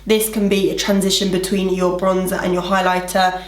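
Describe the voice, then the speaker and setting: A woman's voice: fairly low pitch, little pitch movement, brisk, roomy sound. A young woman chatting her way through a makeup tutorial in a bubbly, gushing manner. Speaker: makeup vlogger. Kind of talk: casual makeup tutorial narration.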